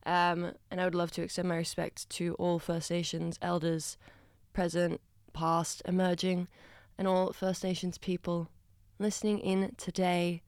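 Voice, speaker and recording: Aussie woman doing breakfast radio, lowish smooth voice, dry close studio mic, rambly and jokey. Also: level tone, measured pace, a little mellow, no room sound. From Australia. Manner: chatty, self-deprecating, rambling asides. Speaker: radio host. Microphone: studio microphone.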